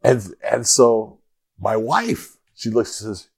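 A man co-hosting a show in casual chat, laid-back and quick to swear, telling stories with animation. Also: medium pitch, big pitch swings, vocal fry, darkish tone, husky. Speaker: podcast co-host.

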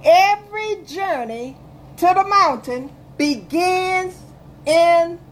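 A woman pastor preaches a radio sermon in a high voice. She reads scripture in old-fashioned wording and drives her points home with repetition and fervor. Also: expressive, takes it slowly, a little hiss or hum. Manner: fervent preaching, reads scripture in King James wording, repeats phrases.

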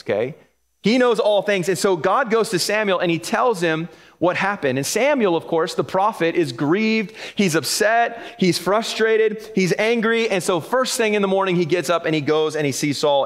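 High-voiced man preaching a sermon. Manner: animated, acts out voices in Bible stories. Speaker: pastor.

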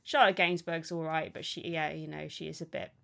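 A woman co-hosting a film review podcast, talking in a chatty, animated way with many fillers. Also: low voice, a little fast, gravelly. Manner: chatty and animated, frequent "like" and laughs. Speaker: podcast co-host. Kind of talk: casual film review chat.

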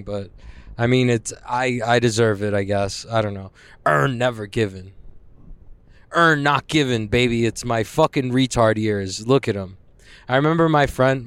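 Young man, casual vlog rant, heavy swearing, smooth clear tone, dry close sound. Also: mid-range voice, dry recording. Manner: profane, agitated, rambling. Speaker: vlogger.

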